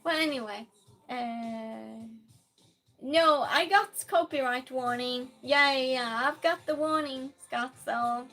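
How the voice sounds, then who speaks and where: A woman streamer chatting casually with her viewers, reading out their comments, laughing often and calling out loud greetings. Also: high-pitched, slow, soft background music.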